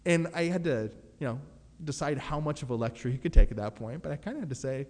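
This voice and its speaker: A man's voice: mid-range voice, lively intonation, fast, darkish tone, in a large hall. A man preaching a sermon in a conversational way, often laughing and acting out quotes. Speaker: pastor.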